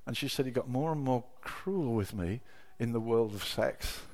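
A middle-aged man preaching a sermon, telling personal stories with emotion, dropping to a hush and then rising to loud exclamations. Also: mid-range voice, moderate pace. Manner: emotional, swings from hushed storytelling to loud exclamation.

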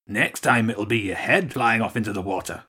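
A man's voice: lowish voice, lively intonation, normal speed, sharp tone, breathy edge, heavily acted. A man voicing a tough male rat leader who barks orders at the girls in a storybook reading. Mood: commanding. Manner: barking orders, calls girls "lassie".

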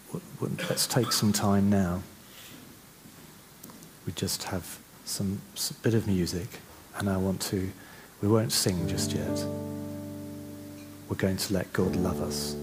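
Deep-voiced man preaching. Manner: conversational, with restarts, slowing to soft reflective passages. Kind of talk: sermon.

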